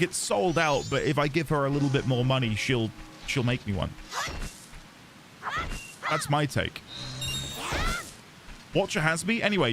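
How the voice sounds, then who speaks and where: A British man streaming a video game, chatting casually with his viewers, quick to laugh and self-deprecating. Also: a little high. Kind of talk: casual live-stream chat.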